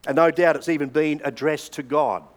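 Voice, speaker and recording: A man's voice: fairly high pitch, brisk. An older Australian man preaching a sermon, telling stories in a conversational way with hesitant fillers. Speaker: pastor.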